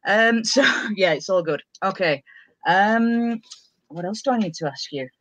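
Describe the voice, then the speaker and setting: A woman's voice: mid-range voice, animated, a little slow, a bit bright, no room sound. A woman hosting a casual live-streamed chat show. She is bubbly and scattered and laughs often. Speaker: livestream show host.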